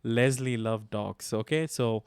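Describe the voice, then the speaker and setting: A man hosting a casual podcast chat, laughing often and asking his questions slowly and deliberately. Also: mid-range voice, darkish tone, clean tone, no echo, clean studio sound. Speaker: podcast host.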